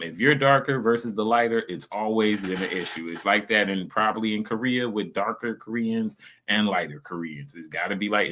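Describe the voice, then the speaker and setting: Deep-voiced man rambling on stream. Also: bright, forceful tone. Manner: rambling, loose slang, many fillers. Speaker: streamer reacting to clips. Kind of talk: casual reaction commentary.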